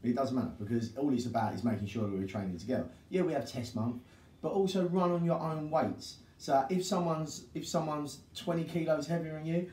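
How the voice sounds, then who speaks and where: A man's voice: on the high side, brisk, warm tone, slight background noise. Brash, sweary man in echoey gym. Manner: blunt, sweary, brash banter. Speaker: podcast co-host. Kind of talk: casual chat. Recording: echoey room, distant mic.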